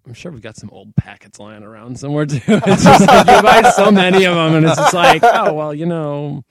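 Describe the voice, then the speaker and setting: A man's voice: high-pitched, sing-song, a little fast. A man in a casual podcast chat who rambles through anecdotes and acts out little scenes.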